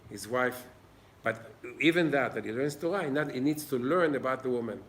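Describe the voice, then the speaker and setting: A man's voice: medium pitch, a little fast, a little hiss or hum. A man giving an informal Torah class in an old synagogue, earnest and plain-spoken. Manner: earnest, plain-spoken, acts out little dialogues. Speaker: Torah teacher.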